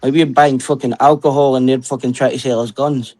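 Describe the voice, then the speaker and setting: A man's voice: medium pitch, little pitch movement, fairly quick, darkish tone. A man from Scotland with a Scottish accent, bantering in casual chat, joking and swearing freely.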